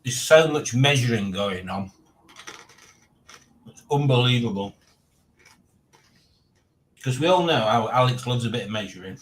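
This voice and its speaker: A man's voice: mid-range voice, lively intonation, measured pace, long pauses, roomy sound. A man hosting a live stream from home, casually chatting and reading out the chat with dry, playful teasing. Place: home room.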